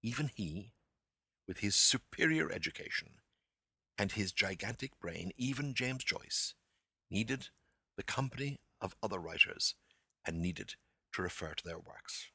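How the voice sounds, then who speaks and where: A man hosting a literary lecture podcast, talking to the listener in an animated, theatrical way with playful asides. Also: lowish voice, a little slow, slightly rough, no echo.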